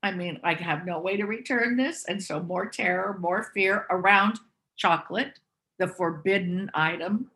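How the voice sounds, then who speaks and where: A woman tells personal stories. Her voice is bright and forward. She speaks openly and reflects on herself as she talks. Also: fairly low pitch, a little slow. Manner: candid, self-reflective. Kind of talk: personal storytelling.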